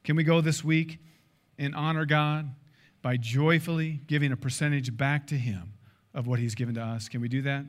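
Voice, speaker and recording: A man in his fifties, a pastor preaching a sermon in an emphatic, animated way, acting out dialogue. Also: mid-range voice, normal speed.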